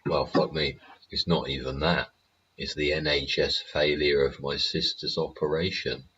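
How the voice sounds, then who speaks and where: A man's voice: very deep voice, little pitch movement, unhurried, pushed and bright. A man, hosting his own show, rambling casually with constant swearing and chuckles. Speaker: host. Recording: slightly dull lo-fi audio with faint ambience.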